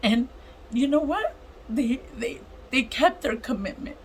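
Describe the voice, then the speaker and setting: A woman with a fairly high voice shares a personal testimony in a casual, emotional way. She gets animated as she acts out the lines of the people in her story. Faint noise sits behind her voice. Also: measured pace, low-quality recording. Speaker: vlogger sharing a testimony.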